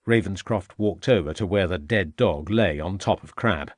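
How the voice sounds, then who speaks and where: A man narrating an audiobook mystery in a steady storytelling manner. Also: sits low, normal speed, no room sound, clean studio sound. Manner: steady storytelling with dialogue tags. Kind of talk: scripted narration.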